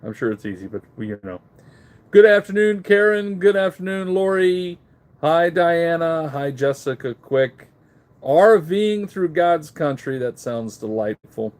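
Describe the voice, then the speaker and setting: A man's voice: fairly high pitch, expressive, a little slow, darkish tone. A middle-aged man hosting a live online auction stream, chatting casually and greeting viewers by name, his mouth a bit numb after dental work. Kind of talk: casual livestream chat, reading viewer comments. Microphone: handheld phone camera.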